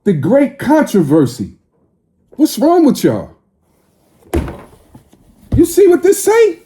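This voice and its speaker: A man's voice: very high-pitched, huge pitch swings, slow pace, warm tone, slight background noise. A man in his forties delivering a confrontational, preachy monologue to his viewers, profane and scolding. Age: 40s. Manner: scolding, lecturing tone.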